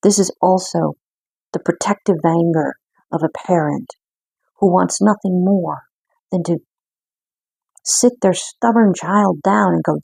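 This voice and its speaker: A woman giving an intuitive card reading in an earnest, reflective way, with frequent pauses. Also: fairly low pitch, vocal fry, warm tone, slightly rough, dry recording. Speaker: spiritual card reader.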